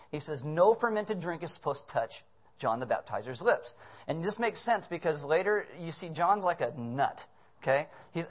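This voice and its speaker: A man preaching a comedic sermon as pastor, animated and full of casual asides and jokes. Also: fairly high pitch.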